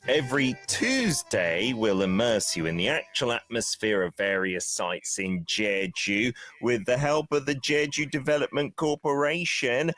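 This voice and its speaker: Lively low-voiced male radio host. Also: no echo. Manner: teasing, playful. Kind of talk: casual radio chat.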